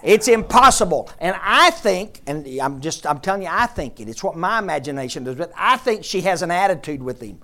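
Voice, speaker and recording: A man's voice: high-pitched, sing-song, fairly quick, few pauses, sharp tone. A man pastor giving a conversational sermon in church, repeating his questions and drawing answers from the congregation. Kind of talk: interactive sermon.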